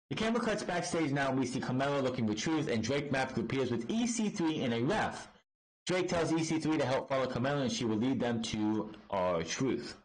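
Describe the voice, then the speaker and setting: A man's voice: medium pitch, low-quality recording. A man giving a casual, profane, sarcastic recap of a wrestling show, sounding exasperated.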